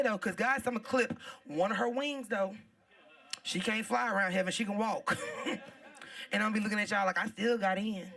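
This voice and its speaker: A woman hosting a live comedy show, loud and playful, laughing and talking straight to the crowd. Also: mid-range voice, gravelly, recorded from a distance. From Southern United States.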